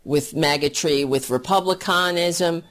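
A woman's voice: low voice, a little slow. A woman giving angry, sarcastic and profane political commentary in a rant.

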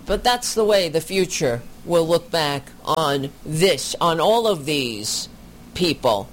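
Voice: medium pitch, lively intonation, takes it slowly, slight background noise. A commentator reacting to a video, talking with indignant, sarcastic asides.

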